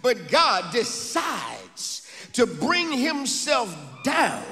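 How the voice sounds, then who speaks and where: A man preaching a sermon as pastor, rising into sung and shouted phrases and calling on the congregation to testify, recorded in a church sanctuary. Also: extremely high pitch, wildly swooping pitch, drawn-out words, long reverb tail, faint music behind.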